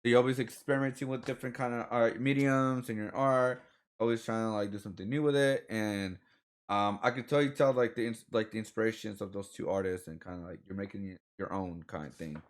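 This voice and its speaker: A man's voice: lowish voice, fairly even intonation, a little fast. A man hosting a casual interview podcast over a call, chatty and repetitive with many fillers. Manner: chatty, repeats words, many likes. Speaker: podcast host. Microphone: remote call audio.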